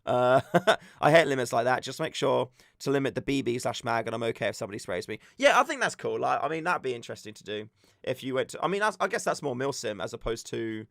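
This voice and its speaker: A young man from the UK chatting on a live stream, telling stories with animated back-and-forth retellings. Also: medium pitch, fast talker, vocal fry, dry recording, studio quality. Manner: animated storytelling, acts out shouted exchanges. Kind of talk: casual live-stream chat.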